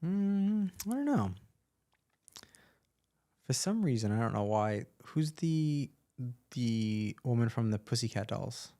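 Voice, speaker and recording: A man's voice: medium pitch, very animated, takes it slowly, long pauses, warm tone. A man co-hosting a podcast, chatting casually with short, dry questions. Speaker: podcast co-host. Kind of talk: casual chat.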